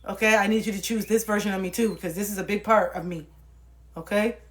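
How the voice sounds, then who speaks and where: A woman's voice: mid-range voice, quick pace. Profane ranting young woman streamer. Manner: animated, profane, ranting to viewers. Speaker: livestreamer. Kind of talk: casual livestream rant.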